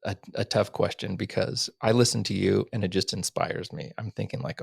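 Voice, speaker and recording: A man hosting a podcast, earnest and rambling, often dropping to a soft near-whisper. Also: low-pitched, steady tone, moderate pace, vocal fry, few pauses, breathy edge, no room sound, clean studio sound. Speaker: podcast host. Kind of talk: casual interview chat.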